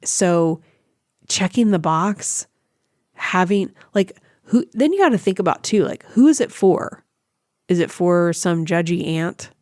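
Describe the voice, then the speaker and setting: A woman's voice: on the low side, a little slow, no echo, studio quality. A woman hosting a podcast, talking casually and giving relationship advice, often acting out what other people say. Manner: chatty, animated, acts out quoted voices. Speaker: podcast host.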